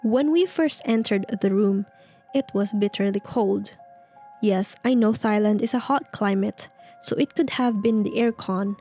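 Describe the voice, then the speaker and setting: Woman narrator, mellow hushed read of spooky tales, faint music behind; casting for storytelling channel. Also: mid-range voice, measured pace. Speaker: narrator reading online stories. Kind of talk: reading a creepy story aloud, then commenting.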